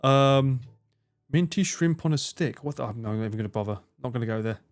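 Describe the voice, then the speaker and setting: A man's voice: mid-range voice, fairly quick. A man streaming live, chatting casually with his viewers, swearing freely, laughing and bantering.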